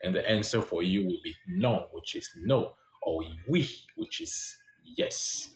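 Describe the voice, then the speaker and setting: A man teaching a live-streamed French lesson, patiently encouraging his viewers and repeating words slowly. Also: low voice, big pitch swings, reverberant, slight background noise. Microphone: live-stream app.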